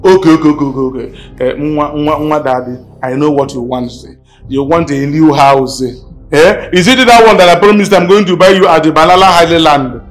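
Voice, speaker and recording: A man's voice: fairly high pitch, fairly quick, faint music behind, natural voice. An actor playing a flashy rich man who boasts about money, with a Nigerian accent and a habit of repeating himself. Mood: boastful. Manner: boastful, repeats words, pidgin-flavored English. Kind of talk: film acting.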